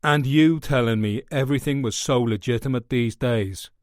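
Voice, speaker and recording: A man voicing a big, hard ex-convict who talks calmly and drily. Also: mid-range voice, moderate pace, no room sound, clean studio sound, close to an everyday voice. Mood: cool.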